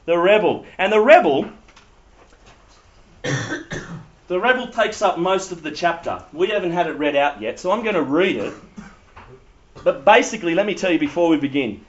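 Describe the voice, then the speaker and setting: Animated preacher, higher voice. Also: male voice, normal speed, pauses often. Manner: animated, humorous storytelling. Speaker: pastor. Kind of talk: sermon. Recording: dull lo-fi sound.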